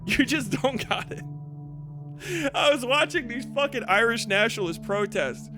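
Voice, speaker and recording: High-voiced guy ranting on a stream, swears a ton, laughs a lot, music playing under him. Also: lively intonation, moderate pace. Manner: profane, laughing, rambling. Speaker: livestream host. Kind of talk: casual livestream rant.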